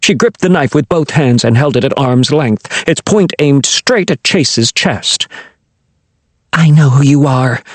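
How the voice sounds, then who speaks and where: Brief: man narrator for a kids' fantasy audiobook, husky tone, very lively pitch. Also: a little slow, hardly any pauses, dry recording. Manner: expressive storytelling. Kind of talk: scripted narration of a children's fantasy novel.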